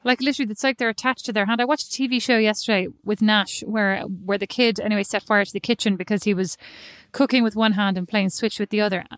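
A middle-aged woman co-hosting a casual chat, telling animated stories and teasing her friend. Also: mid-range voice, fast talker, hardly any pauses, no echo, clean studio sound. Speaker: podcast co-host.

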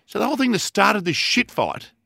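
A man's voice: high-pitched, very animated, brisk, gravelly, pushed and bright, no echo, studio quality. A man co-hosting a casual podcast, defensive and swearing, repeating himself for emphasis. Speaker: podcast co-host.

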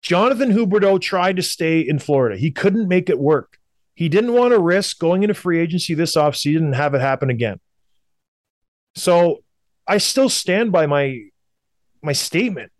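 A man's voice: on the high side, lively intonation, normal speed, no echo, studio quality. Blunt, emphatic Canadian man. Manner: blunt, emphatic, repeats points for effect. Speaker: hockey podcast co-host. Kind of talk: opinionated sports talk.

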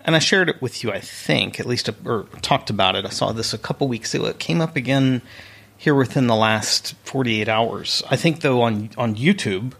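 A man's voice: mid-range voice, normal speed, vocal fry, fairly bright tone, slightly rough. A man co-hosting a casual podcast into a close microphone, joking in a wry, sardonic way. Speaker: podcast co-host. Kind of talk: casual chat. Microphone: studio mic close up.

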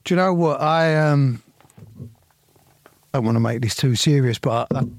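A man's voice: medium pitch, measured pace, dry recording. A man with a South East London accent co-hosting a comedy podcast, dropping dry one-liners in casual chat. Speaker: podcast co-host.

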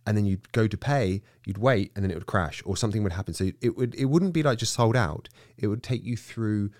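A man telling a story in casual chat, animated, swearing freely and stammering when excited. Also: on the low side, a little fast, no echo, studio quality.

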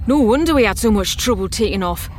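A woman voicing an excitable, fussy male spaceship crewman who asks alarmed questions. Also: medium pitch, fast talker, slight background noise, close to an everyday voice.

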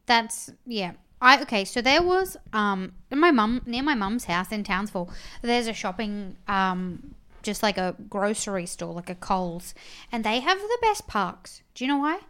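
A young Australian woman co-hosting a podcast in casual, rambling chat, often trailing into soft asides. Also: medium pitch, animated, moderate pace, smooth. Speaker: podcast co-host.

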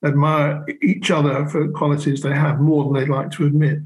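A man talking as a podcast guest, reflecting at length with small hesitations. His voice sits a little high for a man. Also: little pitch movement, moderate pace, low-quality recording. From Britain. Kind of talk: reflective commentary.

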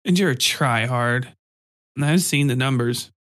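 A man voicing a drunk, crude, leering male office worker who mutters slowly and sloppily. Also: mid-range voice, a bit bright, natural voice. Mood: mocking.

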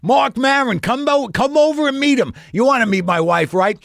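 A man voicing an overexcited middle-aged male builder fan who talks in a loud, pushy, eager way. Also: very high-pitched, lively intonation, moderate pace, gravelly, no echo, clean studio sound, pitched above the performer's own voice, full character voice. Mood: excited.

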